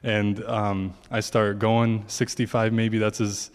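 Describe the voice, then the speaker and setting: A man's voice: lowish voice, flat delivery, a little slow, few pauses, clean tone, long reverb tail. A man giving a casual testimony to a congregation, telling a long story in a chatty way and quoting his own thoughts.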